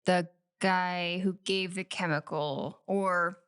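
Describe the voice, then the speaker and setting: A woman's voice: fairly low pitch, steady tone, slow pace, a bit bright, clean tone. Woman co-host chiming in with quips. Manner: chimes in with quips and guesses. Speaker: podcast co-host. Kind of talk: casual true-crime chat.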